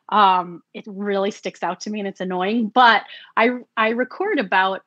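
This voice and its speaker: A woman's voice: mid-range voice, normal speed, a bit bright, no room sound, dull audio. A woman who works as an audiobook narrator, chatting in an interview and acting out her own quoted thoughts with bursts of laughter. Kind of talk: conversational interview.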